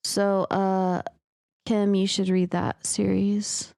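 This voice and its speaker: A woman's voice: mid-range voice, completely flat delivery, slow, gravelly, a little mellow, clear, resonant tone, dry recording, studio quality. A woman co-hosting a writing podcast, chatting casually, often agreeing and saying um. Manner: agreeable, lots of "mm-hmm" and "um". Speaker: podcast co-host. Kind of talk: casual chat.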